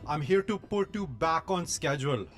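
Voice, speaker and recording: A man with an Indian accent dubbing a menacing dark lord in a parody scene, slow and imperious. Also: fairly high pitch, soft background music. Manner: slow, imperious, deadpan threats. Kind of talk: parody dub of a film scene.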